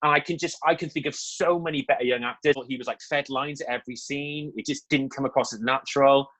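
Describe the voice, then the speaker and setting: A man's voice: mid-range voice, fairly even intonation, quick pace, a bit bright, rough recording. A young man co-hosting a film review show, talking casually and candidly with lots of asides and fillers.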